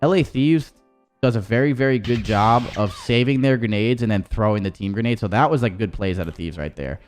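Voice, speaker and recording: Male esports coach, deep-ish voice, casual rambling breakdown, faint music bed. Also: fairly quick. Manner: rambling, profane, many restarts. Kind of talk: casual gameplay review.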